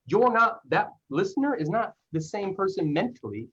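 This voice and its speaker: Husky man on dull lo-fi audio. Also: high voice, very animated, moderate pace, a bit bright. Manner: earnest, rambling, many restarts. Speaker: podcast host. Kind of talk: casual podcast interview.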